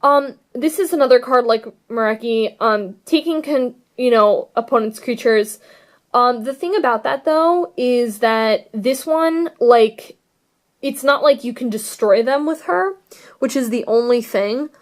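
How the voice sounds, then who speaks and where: A woman's voice: a little high, a little slow. A young woman casually chatting about her card deck, gushing and rambling with lots of fillers. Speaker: card game vlogger. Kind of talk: casual deck tech chat.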